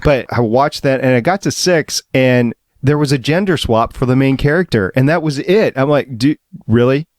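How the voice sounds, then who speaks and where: A man's voice: mid-range voice, normal speed, hardly any pauses, no room sound, studio quality. A man co-hosting a fan podcast, chatting and explaining ideas at length. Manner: chatty, explaining, laughs often. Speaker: podcast co-host. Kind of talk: casual chat.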